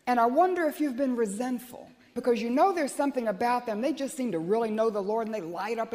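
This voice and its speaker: A woman's voice: on the high side, darkish tone, big-room sound. A woman preacher delivering an earnest, emphatic sermon and prayer in a church.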